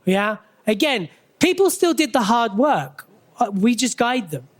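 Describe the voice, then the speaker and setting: Energetic expo speaker quizzing the crowd. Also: medium pitch. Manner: keeps checking in with the audience through quick questions; energetic, conversational, punchy short phrases. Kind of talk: motivational business talk to a live audience. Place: stage at a live expo event.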